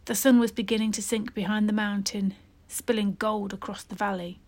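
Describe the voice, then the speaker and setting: A woman narrating a children's story with steady, expressive reading. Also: medium pitch, moderate pace.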